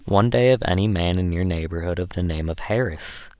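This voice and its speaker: Eager refined lady, as a deep-voiced male reader puts her on. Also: brisk, dark tone, no echo, natural voice. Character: refined freed woman, eager and emotional.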